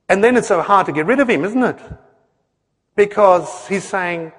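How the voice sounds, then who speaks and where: A man's voice: high voice, expressive, moderate pace, pauses often, fairly bright tone. A middle-aged man preaching a sermon, earnest and conversational, often acting out quotes and putting questions to the congregation. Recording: long hall reverb.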